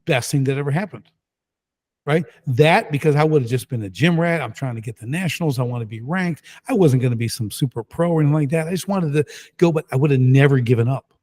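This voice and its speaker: Middle-aged man, energetic guest storyteller, mid-pitched, punchy and emphatic. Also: fast. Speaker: guest entrepreneur. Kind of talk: casual storytelling.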